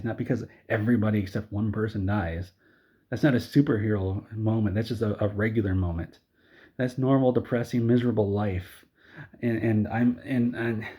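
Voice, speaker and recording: A man with a husky, slightly breathy voice rants in mock exasperation, tripping over and repeating his words. His pitch sits at an ordinary middle. The audio is a bit dull and lo-fi. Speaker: video creator. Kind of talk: angry comedic movie rant.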